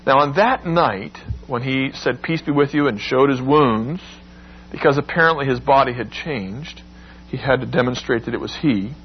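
A man preaching a sermon, expressive and emphatic, acting out the quoted lines with sudden rises. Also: medium pitch, moderate pace, muffled recording, a little hiss or hum.

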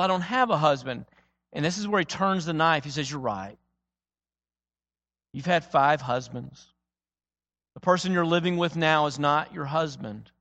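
A man preaching a sermon, dramatic, moving between loud emphatic lines and quiet, low-spoken ones. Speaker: pastor. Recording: long reverb of a large hall.

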